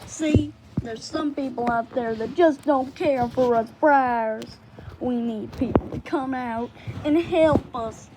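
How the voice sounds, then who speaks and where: A woman's voice: high voice, takes it slowly. A young woman voicing a female briar patch critter, begging over and over in a melodramatic way, in a noisy home recording. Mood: desperate.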